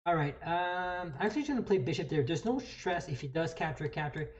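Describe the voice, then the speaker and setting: A woman's voice: on the low side, animated, brisk, darkish tone, dull audio. A woman streaming a chess game, explaining each move as she plays, often restarting and thinking aloud. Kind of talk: live commentary while playing.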